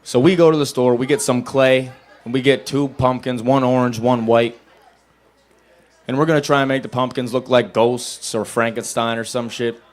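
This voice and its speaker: A young man on a small bar stage at an open mic, talking into a handheld mic. He tells his stand-up stories flatly and deadpan at a mid pitch, then jumps into loud, high voices for the people he quotes. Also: moderate pace. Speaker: stand-up comedian. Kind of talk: stand-up comedy set.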